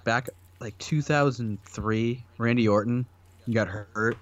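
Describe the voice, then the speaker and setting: A man's voice: mid-range voice, slow, highs cut off. A man co-hosting a casual podcast chat, talking loosely with lots of fillers and frequent laughs. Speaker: podcast co-host.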